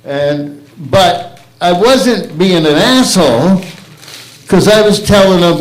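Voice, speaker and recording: A man's voice: high-pitched, lively intonation, slow. A man hosting an open mic stand-up night, crude, rambling and self-mocking on a stage microphone. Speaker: comedy open mic host. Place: comedy stage in a theater. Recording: echoey live room.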